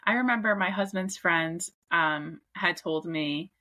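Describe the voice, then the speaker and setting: A woman in her thirties speaks as a podcast guest in a bright, somewhat lower voice. She talks easily and conversationally, filling gaps with "like" and "you know". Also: a little slow. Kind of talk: casual podcast chat.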